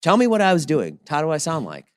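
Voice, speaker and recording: A man's voice: fairly high pitch, fast, no room sound, studio quality. A man in his forties co-hosting a podcast, telling self-deprecating stories in a casual chat. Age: 40s. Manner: animated, self-deprecating storyteller. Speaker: podcast co-host.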